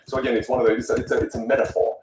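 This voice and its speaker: A man coaching on a podcast, talking in an expressive, musical way and repeating words as he gets going. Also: medium pitch, very fast, a little hiss or hum. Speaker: voice coach guest. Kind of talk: animated podcast conversation. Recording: roomy room, distant mic.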